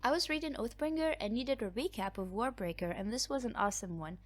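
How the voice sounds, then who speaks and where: A woman with a somewhat high voice talks casually through viewer comments on her book channel. She laughs often and jokes about herself. Her voice cracks at times. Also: quick pace. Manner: chatty, laughs often, self-mocking.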